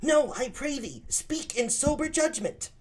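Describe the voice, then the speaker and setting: A man's voice: expressive, measured pace. A man reading aloud and giving a lovesick young nobleman a boyish voice. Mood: earnest. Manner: high boyish voice.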